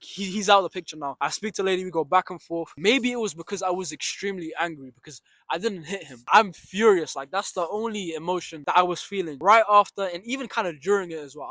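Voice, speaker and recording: Young man, high and bright, rapid storyteller who swears a lot and acts the scenes out. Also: no room sound. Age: young adult. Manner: swears freely, retells with reenacted shouts and asides. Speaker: storyteller vlogger. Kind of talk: animated storytime monologue.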